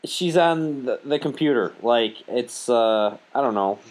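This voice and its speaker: A man's voice: medium pitch, lively intonation, unhurried. A young man hosting a podcast, joking around crudely and swearing freely. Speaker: podcast host. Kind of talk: casual podcast banter.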